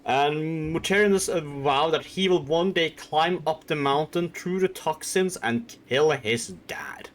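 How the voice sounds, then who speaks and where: A man's voice: a little high, measured pace, hardly any pauses, a little hiss or hum. A man streaming and casually retelling a story in a rambling, irreverent way, with swearing and laughter.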